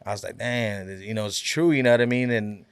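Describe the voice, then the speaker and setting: A man's voice: fairly low pitch, brisk, smooth, dry recording. A man guesting on a podcast, telling a long story in a laid-back, rambling way, full of fillers and quoted back-and-forth. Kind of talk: casual storytelling.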